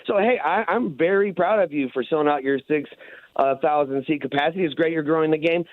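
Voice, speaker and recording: A slightly higher-voiced man comes through a thin, tinny phone line with no room sound at all. He is a regular call-in guest on a talk show, bantering bluntly and dropping "dude" into nearly every point. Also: brisk, no echo. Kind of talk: casual radio banter.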